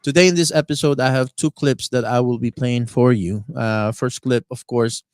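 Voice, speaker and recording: Male internet radio host, mid-pitched, dry close mic, rambling and halting delivery. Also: fairly even intonation, clean tone, no room sound. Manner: halting, many fillers and word searches. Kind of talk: live-stream monologue.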